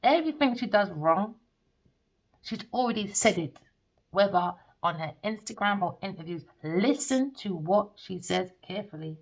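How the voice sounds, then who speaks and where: Gravelly woman ranting, swearing. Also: medium pitch, lively intonation, normal speed. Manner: profane, accusing, scornful. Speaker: tarot reader. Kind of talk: ranting monologue. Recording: dull lo-fi recording.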